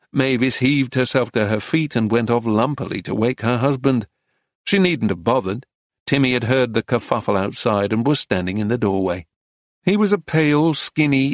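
A man narrates a story at a measured, even pace, with a mid-range voice. The recording is dry and close-miked, with no room sound. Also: mid-range voice, no echo. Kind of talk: audiobook narration.

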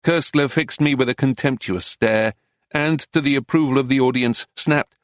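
A man's voice: medium pitch, moderate pace, no echo. Man reading a memoir, dry close sound. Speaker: narrator. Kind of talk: audiobook narration of a memoir.

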